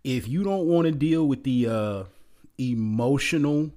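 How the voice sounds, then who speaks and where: A man's voice: mid-range voice, measured pace, mellow. A man ranting in a casual, conversational way, blunt and exasperated. He has a mid-range voice, talks in loose bursts, and often restarts his sentences.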